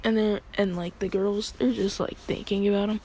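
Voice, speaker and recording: A woman's voice: medium pitch, fairly even intonation, moderate pace, warm tone, breathy edge. A woman casually retelling a fan story in a rambling, crude way, often breaking into laughs.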